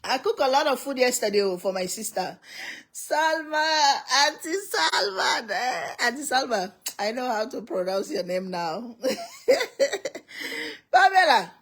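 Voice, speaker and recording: A middle-aged woman hosts a casual livestream from home, laughing often and greeting viewers one by one by name. Her fairly high, fairly bright voice swings widely in pitch, and she takes her time.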